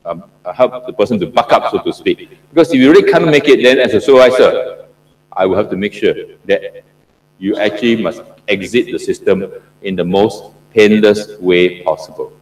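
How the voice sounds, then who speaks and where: Lecturing on PhD supervision, a middle-aged professor from Singapore speaks in a fairly low voice at a moderate pace, recorded from a distance in an echoing lecture hall. He keeps the class interactive, asking questions and repeating points for emphasis.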